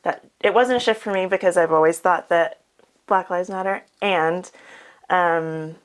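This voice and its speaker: A woman speaking reflectively in a casual conversation, with many pauses and fillers. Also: lowish voice.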